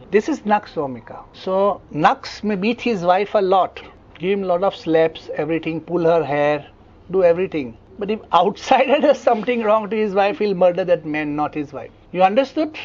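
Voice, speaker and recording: A homeopathy lecturer with an Indian English accent gives a classroom lecture in a high-pitched voice at a moderate pace, with the highs cut off. He tells vivid, animated stories and frequently checks that his students are following.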